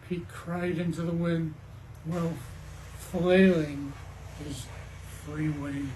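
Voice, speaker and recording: A man slowly reading a children's story aloud, pausing to speak gently to a child listening. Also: fairly high pitch, level tone, rough recording. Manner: slow, gentle reading, talks to a child listener between passages. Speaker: storybook reader.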